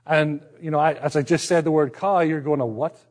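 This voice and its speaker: A man's voice: on the high side, steady tone, fairly quick, darkish tone. A middle-aged man from Northern Ireland with a partly Americanized Northern Irish accent, preaching a sermon in a conversational, self-deprecating way that is full of restarts. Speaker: pastor.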